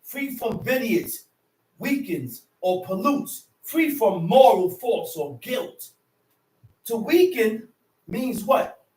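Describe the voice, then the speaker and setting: A high-pitched man preaching a fiery sermon, swinging from shouted bursts into slow, careful definitions. His casual street speech keeps breaking through. He sounds far from the mic in an echoey worship hall. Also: animated.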